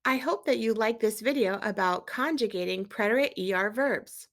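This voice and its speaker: A woman teaching a Spanish lesson, quizzing viewers and gently checking their accent marks as she switches between English and Spanish. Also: mid-range voice, normal speed. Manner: asks quiz questions and gently checks accents. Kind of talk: recorded language lesson.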